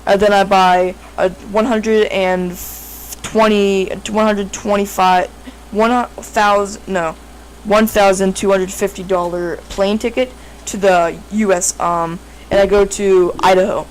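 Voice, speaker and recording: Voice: mid-range voice, little pitch movement, measured pace, slight background noise, rough recording. A speaker telling a made-up story in a casual, improvised way, rambling with lots of fillers and frequent self-corrections.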